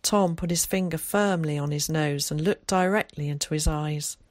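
A woman reading an audiobook aloud in a steady, measured way. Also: low-pitched, no room sound, clean studio sound. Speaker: audiobook narrator. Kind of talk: scripted audiobook narration.

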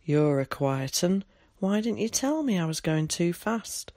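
A reader voicing a gruff, kind old countryman who speaks tersely in rural dialect, in an audiobook. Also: mid-range voice, very animated, measured pace, darkish tone, no echo, clean studio sound. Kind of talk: audiobook character voice.

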